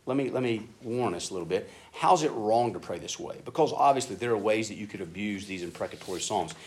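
A man preaching a sermon in a casual, animated way, acting out prayers in an excited voice. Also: on the low side, fast talker. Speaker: pastor. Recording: echoey room with faint ambient noise.

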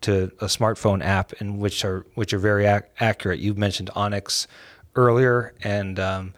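Measured male officer with a lowish voice, recorded dry and close. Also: little pitch movement, no room sound. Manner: measured and deliberate. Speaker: game warden guest. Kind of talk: interview answers.

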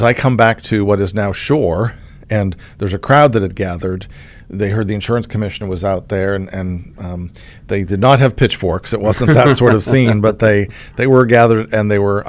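A middle-aged man from Oklahoma hosts a conversation as the state insurance commissioner and tells a story in a relaxed way, often restarting his sentences. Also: fairly low pitch. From Oklahoma, USA. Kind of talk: casual conversational interview.

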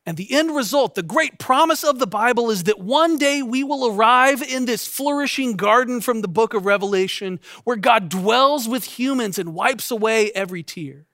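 A man in his thirties, a pastor, giving a sermon in a gentle, intimate storytelling way that often sinks to a soft hush. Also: very high voice, moderate pace, few pauses, no echo, studio quality.

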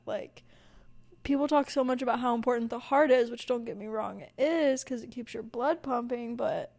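A young woman with a Southern US accent and a slightly high, darkish voice hosts a casual solo podcast. She rambles with lots of "like" and "um," and her humor is self-deprecating.

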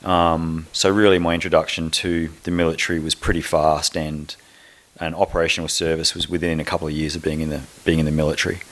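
Middle-aged man, Australian accent, very low voice, relaxed matter-of-fact, army officer guest. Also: quick pace. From South Australia. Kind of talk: podcast interview.

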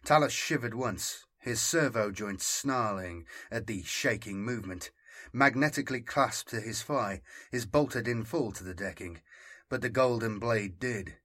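A man narrating an audiobook in a slow, deliberate scripted reading. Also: on the low side, a bit bright.

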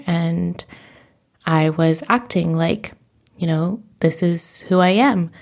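Woman, 30s, podcast host, low pitch, vocal fry, candid, emotional, teary, reflective monologue. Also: fairly even intonation, measured pace, darkish tone.

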